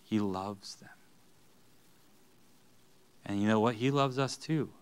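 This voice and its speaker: A man's voice: fairly low pitch, slow, clear, resonant tone. A man preaching an earnest sermon in a church, rising to emphatic bursts. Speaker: pastor.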